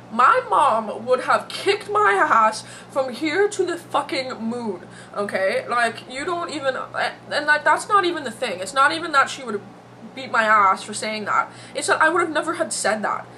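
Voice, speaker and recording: Speaking into her camera mic, a young woman vlogs in an emotional, teary ramble packed with "like" and "you know." Her voice sits on the high side, bright and forceful, and the low-quality recording carries slight background noise.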